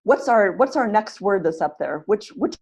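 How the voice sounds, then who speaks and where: A woman's voice: medium pitch, expressive, normal speed, a little mellow, breathy edge. A woman leading an online pronunciation webinar, encouraging and often repeating her phrases as she runs drills. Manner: encouraging, leads drills and clapping exercises. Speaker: webinar facilitator, pronunciation teacher.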